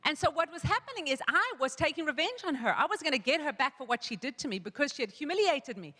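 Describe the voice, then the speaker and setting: A woman pastor preaching in a church hall, her voice pitched a little high and bright, with a long echo trailing every phrase. She tells a personal story in a loose, chatty way, often restarting her sentences and quoting herself. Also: sing-song, quick pace. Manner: storytelling with many restarts and quoted asides. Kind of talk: sermon.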